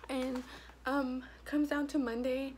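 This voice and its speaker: A woman's voice: high voice, level tone, takes it slowly, slight background noise. A young woman telling a blunt, profane storytime about school fights in a casual vlog. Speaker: vlogger.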